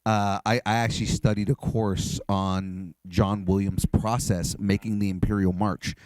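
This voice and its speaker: A man's voice: lowish voice, level tone, unhurried, darkish tone, no room sound. A young man hosting a podcast interview, chatty and enthusiastic as a fan. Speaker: podcast host. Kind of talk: casual interview.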